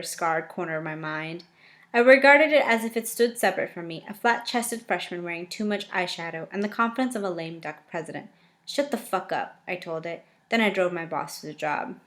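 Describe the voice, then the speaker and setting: A woman reading a first-person novel aloud, often breaking off to react with lively, joking asides. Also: on the low side.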